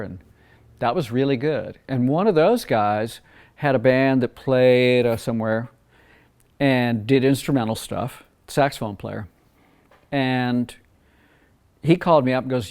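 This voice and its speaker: A man's voice: medium pitch, moderate pace. Man from Mississippi telling studio stories. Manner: relaxed, rambling, acts out quoted dialogue. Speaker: record producer and former session guitarist. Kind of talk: casual interview storytelling.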